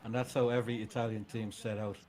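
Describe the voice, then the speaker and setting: A man's voice: on the low side, level tone, fast talker, darkish tone. A man co-hosting a live watch-along stream, chatting casually and profanely about football and its history. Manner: chatty and profane, tells old football stories. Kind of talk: casual banter and football chat.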